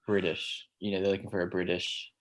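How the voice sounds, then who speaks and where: Brief: young male guest, lowish voice, chatty, breaks into laughter as he tells stories. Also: little pitch movement, a little fast, very noisy. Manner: laughs often while telling a story. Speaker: guest, voice actor. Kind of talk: casual chat on a livestream.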